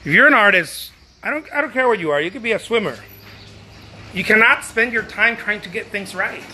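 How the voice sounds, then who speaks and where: A man's voice: high-pitched, expressive, a little fast, sharp tone, slight background noise. A man, a painter, giving emphatic career advice in a casual livestream, repeating his phrases and calling the listener dude.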